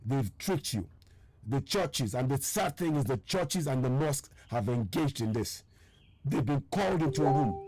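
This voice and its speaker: A man's voice: mid-range voice, lively intonation, moderate pace, darkish tone. A man hosting a live online broadcast, urging viewers with insistent repetition in a strained, tired voice. He is from Nigeria. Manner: urgent, insistent, repeating his points; reads out viewer names and answers their comments. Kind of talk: impassioned live-stream address.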